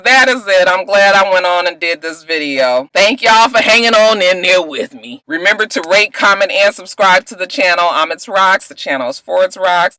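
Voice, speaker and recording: A woman vlogger giving a casual, animated and profane recap of a TV episode, acting out the characters' lines as she goes. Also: on the low side, dry recording, low-quality recording.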